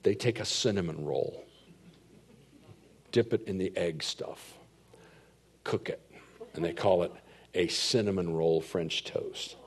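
A middle-aged man preaching a sermon as a pastor, telling stories and swinging from hushed asides to loud, emphatic points. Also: low voice, slow pace, long pauses, slightly rough.

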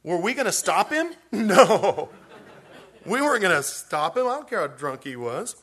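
A man's voice: high voice, very animated, normal speed, fairly bright tone, husky. Folksy, rambling male preacher. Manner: folksy, rambling, with many restarts. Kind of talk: storytelling sermon.

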